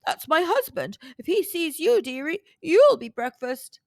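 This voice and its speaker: A woman voicing a kindly female giant housewife who speaks slowly and motherly in a storybook reading. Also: very animated, creaky, no echo, full character voice. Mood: fussing. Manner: high, slow and motherly, calls people dearie.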